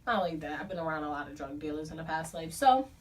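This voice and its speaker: Chatty young woman, slightly low voice. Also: lively intonation, quick pace. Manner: chatty and profane, with lots of "like" and "um". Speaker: book club vlogger. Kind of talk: casual storytelling to camera. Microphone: camera filming herself. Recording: a bit distant from the mic, faint room noise.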